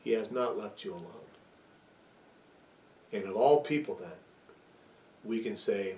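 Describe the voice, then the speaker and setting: A man's voice: fairly low pitch, a little slow, pauses often, a little mellow, distant mic, slight background noise. A male pastor preaching a sermon, telling stories earnestly and leading a prayer. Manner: storytelling, earnest, with restarts. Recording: echoey room, away from the mic.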